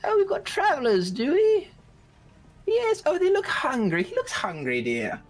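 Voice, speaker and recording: A man voicing a sweet, doting older woman in a tabletop game, in a high, cooing sing-song voice. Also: wildly swooping pitch, unhurried, soft background music, heavily acted.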